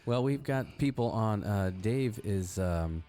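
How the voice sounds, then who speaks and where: A man's voice: on the low side, animated, slow pace, warm tone, faint music behind. A man co-hosting a casual live-streamed podcast, easygoing and reading out viewer comments. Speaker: podcast co-host.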